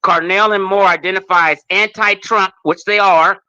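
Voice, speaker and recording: Brief: high, bright-voiced man arguing hotly online, dry and dull audio. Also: steady tone, moderate pace, smooth, dry recording. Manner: reads aloud, curses, cuts in. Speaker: debate guest. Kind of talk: heated live debate.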